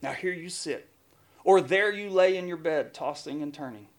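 A man's voice: on the high side, moderate pace. A man preaching a sermon, emphatic, often building long lists. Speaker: pastor.

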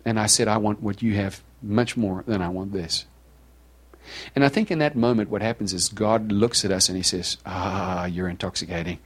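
A middle-aged man preaching a sermon in a conversational way, asking the congregation questions and acting out quoted speakers in a softer, lower voice. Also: normal speed. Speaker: pastor.

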